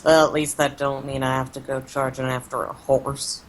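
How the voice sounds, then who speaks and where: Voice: mid-range voice, flat delivery, normal speed, a little hiss or hum, close to an everyday voice. A player voicing a wounded, folksy wasteland wanderer with country speech in a tabletop game. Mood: wry.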